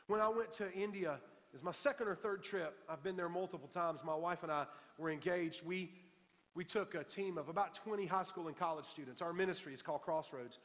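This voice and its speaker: In a church sanctuary, a man delivers a sermon to his congregation in a slightly high, somewhat bright voice that leaves a long reverb tail through the hall. He talks a little fast, tells stories with emphasis, and repeats his key lines for weight.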